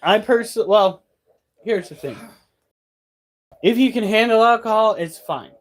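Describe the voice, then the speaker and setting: A man's voice: high-pitched, unhurried. A man in a casual vlog, talking bluntly and exasperated, swearing often. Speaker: pet keeper vlogger. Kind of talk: casual ranting chat.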